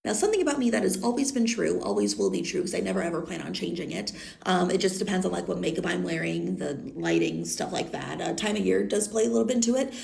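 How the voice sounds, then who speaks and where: A woman's voice: mid-range voice, creaky, a little mellow. A woman in her thirties with a congested, stuffy nose, telling a story to her phone camera in a chatty, blunt way and swearing freely. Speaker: content creator. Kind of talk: casual storytime vlog. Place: indoors, green-screen setup.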